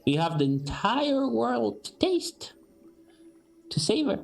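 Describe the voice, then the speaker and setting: A game master voicing a huge, serene old female orc elder with a high, sing-song voice. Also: sing-song, takes it slowly, creaky, a little mellow, exaggerated voice. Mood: solemn.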